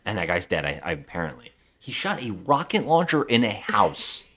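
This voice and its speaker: A man's voice: lowish voice, big pitch swings, moderate pace, fairly bright tone. A man co-hosting a podcast, casually recapping a movie plot in a rambling way, acting out quotes and swearing. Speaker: podcast co-host.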